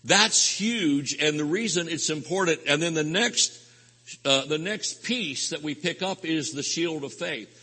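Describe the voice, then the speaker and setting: A man preaching a rambling, folksy sermon with sudden loud outbursts at a live convention. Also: a little high, a little slow, breathy edge. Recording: live hall recording with long reverb.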